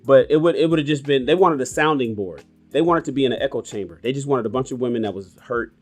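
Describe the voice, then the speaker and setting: A man in his forties hosting a casual livestream podcast, telling stories in a blunt, animated and profane way. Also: medium pitch, fast, soft background music. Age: 40s. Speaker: podcast host.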